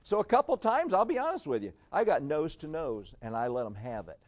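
A man preaching a sermon in an emphatic, sarcastic way, dropping to a hush and then rising again. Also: fairly high pitch, very animated, fairly quick. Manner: emphatic, sarcastic, swings between loud and hushed.

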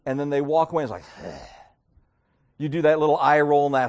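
A man preaching a sermon to his congregation. His voice sits high and leaps up and down across a wide range. He keeps slipping into exaggerated, mocking voices to act out his points. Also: lively intonation, a little fast, pauses often, a little mellow. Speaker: pastor.

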